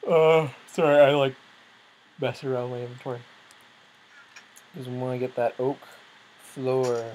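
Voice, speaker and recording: A let's-play host giving casual commentary on their own gameplay, thinking out loud and startling easily. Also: mid-range voice, little pitch movement, unhurried, slight background noise, low-quality recording.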